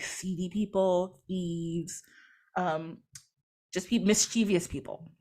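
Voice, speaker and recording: A woman podcast host retelling a myth in a casual, animated way, giggling and acting out quotes. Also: mid-range voice. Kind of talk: casual storytelling.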